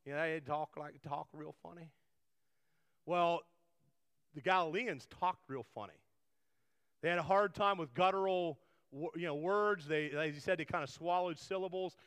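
A man's voice: on the high side, moderate pace, a bit bright, clear, resonant tone. A man preaching a conversational sermon, rambling with frequent restarts and asides. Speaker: pastor. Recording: long hall reverb.

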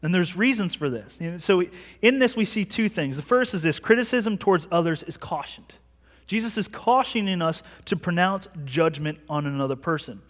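A man's voice: sits high, animated, moderate pace. A man in his thirties preaching a sermon in a church, in a conversational storytelling way with self-mocking humor. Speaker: pastor. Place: large church sanctuary. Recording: long hall reverb.

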